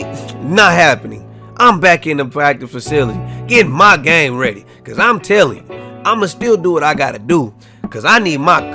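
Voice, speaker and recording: High, bright animated young gamer guy. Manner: animated, trash-talking, half-sung asides. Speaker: gaming YouTuber. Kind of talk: casual gameplay commentary. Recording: faint music behind.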